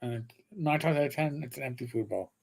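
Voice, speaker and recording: A man chats loosely on a live stream. He rambles through stories with easy swearing, at a middling pitch. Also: fast, vocal fry, darkish tone, breathy edge. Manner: rambling storyteller, swears casually, imitates his cat. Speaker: co-host of a gaming health live stream. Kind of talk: casual chat.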